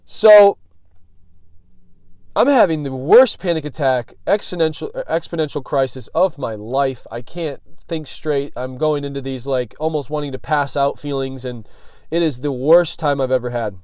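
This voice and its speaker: A man's voice: mid-range voice, moderate pace, a little mellow, no echo, studio quality. A young man hosting a podcast, telling a personal story in a loose, slangy way, full of "like" and "dude", and swearing freely. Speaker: podcast host.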